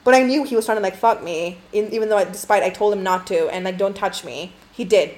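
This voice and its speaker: A woman's voice: medium pitch, fast talker, darkish tone. Young woman host, casual profane storyteller, rambling and candid, filler-heavy delivery. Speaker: podcast host.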